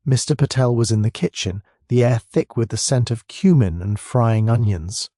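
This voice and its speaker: A man narrating a mystery story in a steady, even storytelling voice. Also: mid-range voice, normal speed, no room sound, clean studio sound.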